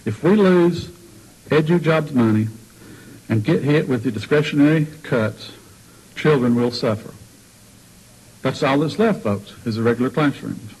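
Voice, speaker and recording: A man's voice: medium pitch, a little slow, long pauses, darkish tone, breathy edge, rough recording. A man who is a school superintendent testifying to a state board, indignant and blunt about budget cuts.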